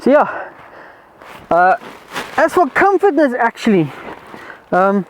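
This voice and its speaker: Male outdoor vlogger, higher voice, casual and rambling, handheld camera outside. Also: sing-song, slow pace, slight background noise, poor audio. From South Africa. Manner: rambling, many fillers and restarts. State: out of breath. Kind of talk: casual camping vlog. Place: outdoors in bushveld at dusk.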